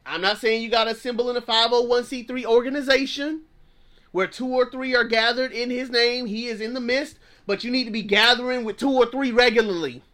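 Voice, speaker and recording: Fervent high-voiced male pastor preaching. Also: steady tone, fairly quick, sharp tone. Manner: fervent, repeats phrases, plain-spoken slang. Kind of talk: preaching sermon.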